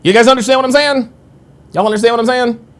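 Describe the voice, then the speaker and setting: A man's voice: very high-pitched, fairly even intonation, fast. A man in his forties hosting a casual livestream, rambling and repeating himself with crude, profane asides to his viewers. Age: 40s. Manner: addresses viewers directly. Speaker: livestream host.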